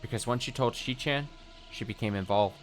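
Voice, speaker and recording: A man hosting a let's play, reading a visual novel's text aloud in a steady voice with short wry asides. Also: mid-range voice, fairly quick, slight background noise.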